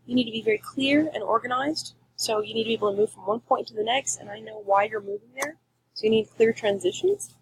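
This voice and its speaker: A woman teaching a class, giving clear, emphatic instructions in a recorded lecture. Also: on the high side, slight background noise, low-quality recording.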